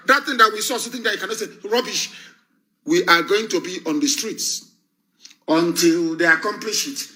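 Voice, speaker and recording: Fiery high-voiced Nigerian man. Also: moderate pace, pushed and bright. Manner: fiery, scornful, mocking, repeats phrases for emphasis. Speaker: broadcaster addressing followers. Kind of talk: impassioned live political address.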